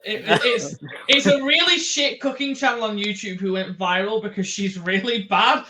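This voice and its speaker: A man with a Yorkshire accent guesting on a podcast, telling stories in an animated, laughing way. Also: high-pitched, moderate pace, poor audio. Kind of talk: casual chat.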